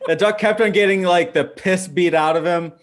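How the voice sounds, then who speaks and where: A man's voice: sits high, steady tone, normal speed. A man co-hosting a podcast, complaining sarcastically and swearing in casual chat. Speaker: podcast co-host, critic of the show.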